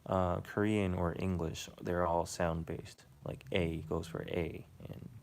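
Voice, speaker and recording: A man's voice: sits low, level tone, slow, a little mellow. A man casually chatting to his viewers during a live stream, rambling and hesitant and swearing now and then. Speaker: live streamer reading chat.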